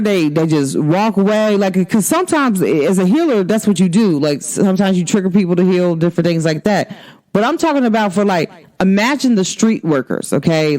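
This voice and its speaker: Sassy, animated woman host. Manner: emphatic, sassy, slangy, swings pitch for emphasis. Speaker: astrology show host. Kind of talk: casual spiritual talk to viewers.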